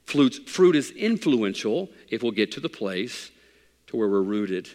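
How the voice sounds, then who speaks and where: A pastor preaching a sermon in a conversational, folksy way with bits of humor. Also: male voice, lowish voice, sing-song, measured pace, darkish tone, long reverb tail.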